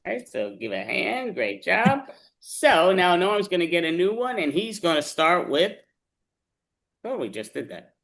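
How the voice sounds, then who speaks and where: Lively, chatty man hosting improv rounds. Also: sits high, a little slow, gravelly. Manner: chatty, loose, self-correcting. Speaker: improv game host. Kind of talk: casual joke-round hosting. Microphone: video call.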